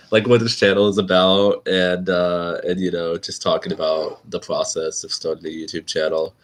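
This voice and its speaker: A man's voice: low-pitched, fairly bright tone. A man hosting his own channel, chatting casually and rambling on a live stream and laughing often.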